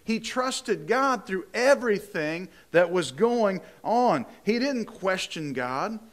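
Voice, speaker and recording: A man's voice: high-pitched, lively intonation, slow pace. A male pastor preaching a sermon in a conversational way, often repeating words and asking rhetorical questions.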